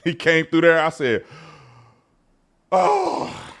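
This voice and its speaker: A man's voice: mid-range voice, animated, normal speed, a bit bright. A man from Texas with a Texan accent, hosting a live political commentary show in a blunt, mocking, slangy way. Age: adult. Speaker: host.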